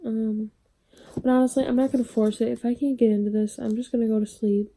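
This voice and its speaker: A young woman chatting casually to camera in a book vlog at home, drifting into soft whispers. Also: on the high side, little pitch movement, fairly quick, slight background noise, rough recording. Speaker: book vlogger.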